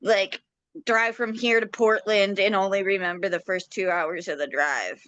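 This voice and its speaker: A woman's voice: medium pitch, fairly even intonation, a bit bright, dry recording, dull audio. A woman co-hosting a podcast, chatting casually, laughing often and humming along as she listens. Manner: laughs often, drawn-out hums. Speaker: podcast co-host. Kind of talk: casual chat.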